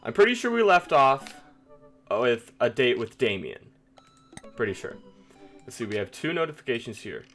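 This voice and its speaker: A man playing and commenting on a dating game in a playful, animated way. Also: medium pitch, moderate pace, long pauses, faint music behind. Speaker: gaming YouTuber.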